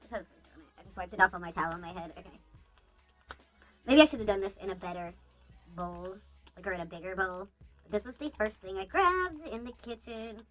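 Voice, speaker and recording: A woman talks casually into the camera at home in a bright, clear voice. She rambles from one aside to the next, peppering her talk with fillers as she chats. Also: mid-range voice, expressive, brisk, soft background music. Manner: rambling, chatty, many "like"s and asides. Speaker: beauty vlogger. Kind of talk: casual chatty DIY vlog.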